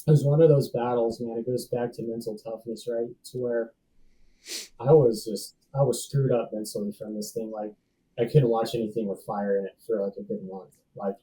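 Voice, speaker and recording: A man's voice: lowish voice, warm tone, distant mic, slight background noise, low-quality recording. A man in his thirties, a podcast guest, telling a personal story in a laid-back, slangy way full of dude and bro. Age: 30s. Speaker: podcast guest, safety professional.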